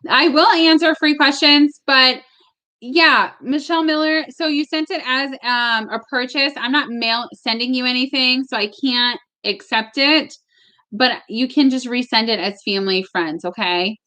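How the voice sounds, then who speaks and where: A woman's voice: sits high, measured pace, pushed and bright. A woman giving live-stream tarot readings at home, chatty and casual, sometimes emotional, with the odd swear word. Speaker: tarot reader. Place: home with barking dogs.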